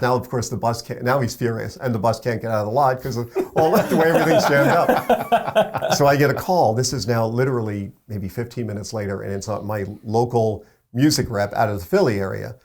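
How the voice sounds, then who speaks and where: A radio program director who co-hosts a morning show tells an animated story, acting out the voices he quotes. His voice is medium-pitched.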